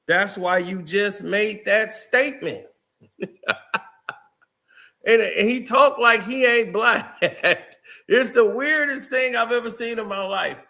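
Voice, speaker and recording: A man's voice: high-pitched, vocal fry, pushed and bright. A man commenting on a video clip in a casual, incredulous way, laughing often.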